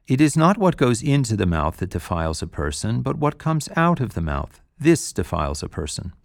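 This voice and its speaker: A man's voice: lowish voice, big pitch swings, normal speed, gravelly, no room sound, clean studio sound. A man reading scripture aloud, voicing the words of a male teacher who rebukes and consoles with authority. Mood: solemn.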